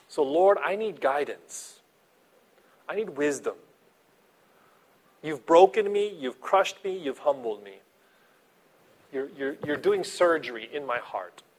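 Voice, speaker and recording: A medium-pitched pastor preaches a sermon with animation, swinging between soft asides and loud emphasis.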